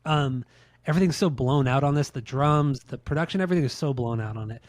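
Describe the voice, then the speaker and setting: A man's voice: mid-range voice, fast talker. A man in his late thirties chats casually on a podcast, blunt and full of swearing, circling back to repeat his points. The sound is dry and close, with no room echo. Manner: blunt, profane, repeats himself when making a point. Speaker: podcast co-host. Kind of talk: casual podcast chat, ranking albums.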